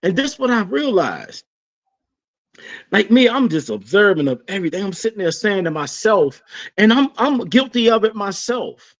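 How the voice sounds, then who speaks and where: A man's voice: high-pitched, moderate pace. A man co-hosting a podcast in casual chat, telling stories with lots of swearing and laughter. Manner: animated storytelling, swearing, laughing often. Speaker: podcast co-host. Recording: dull lo-fi sound.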